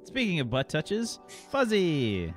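A man's voice: fairly high pitch, soft background music. A man acting as game master, casually joking and introducing the players. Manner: lively, joking, quick. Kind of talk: casual chat.

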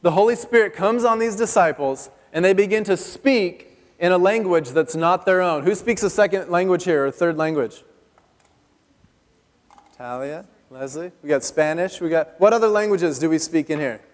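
In a church hall full of long reverb, a man preaches at a normal speed in a high voice. His sermon is chatty and playful, and he puts questions to the people listening.

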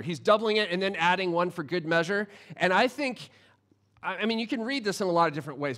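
Conversational, slightly high-voiced male preacher. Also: a bit bright. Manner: conversational and humorous, with frequent restarts and fillers. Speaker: pastor. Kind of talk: sermon.

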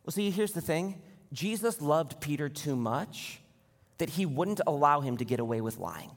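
A man's voice: a little high, expressive, moderate pace. A man in his thirties preaching a sermon as pastor, direct and conversational, asking the congregation questions. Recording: long hall reverb.

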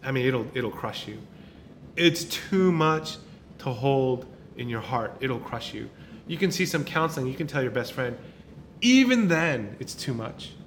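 A man's voice: medium pitch, animated, measured pace, fairly bright tone, a little hiss or hum. A male pastor preaching an informal sermon, talking in a casual way with restarts and many tag questions. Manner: conversational, repeats words, many tag questions.

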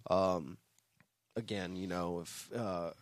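A man's voice: low-pitched, steady tone, slow pace, a little hiss or hum. A man co-hosting a podcast as a guitarist, rambling in casual chat with frequent swearing. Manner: rambling, swears and laughs a lot.

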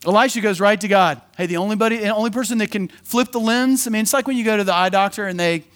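A man preaching a sermon in an energetic, conversational way, slipping into quick acted asides. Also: high voice. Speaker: pastor.

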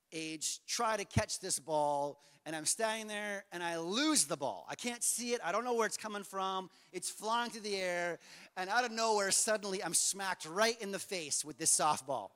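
A man's voice: high voice, a bit bright. A man in his forties preaching a sermon, casual and self-deprecating, telling a personal story. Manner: conversational and self-deprecating, acting out the story with rising energy. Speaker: pastor. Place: church sanctuary. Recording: long hall reverb from a church sanctuary.

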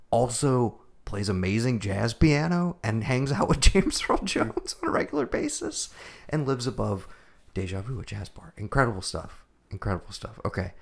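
A man co-hosting a podcast, chatting casually about an old action movie, animated and profane, acting out lines from the film. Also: fairly low pitch. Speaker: podcast co-host. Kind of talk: casual movie review chat.

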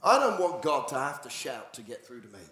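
A male pastor preaching a sermon, moving from dramatic, animated storytelling to hushed, near-whispered passages. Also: mid-range voice, a little fast. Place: church. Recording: echoey church hall.

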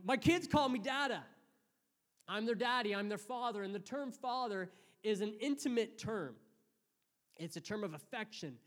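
A man in his thirties preaching a sermon, praying and telling stories earnestly, with lively acted-out quotes. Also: sits high. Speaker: pastor. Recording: hall reverb.

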